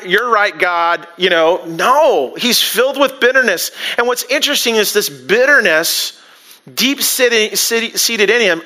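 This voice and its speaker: A man's voice: high-pitched, sharp tone. A man preaching a sermon, talking conversationally and acting out little asides, with frequent restarts. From United States. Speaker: pastor.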